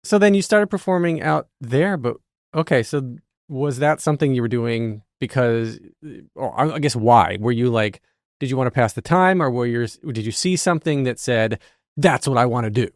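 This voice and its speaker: A man's voice: medium pitch, lively intonation, moderate pace, no room sound, clean studio sound. A man hosting a podcast, asking questions in a playful, joking way. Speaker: podcast host, interviewer. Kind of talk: casual interview chat.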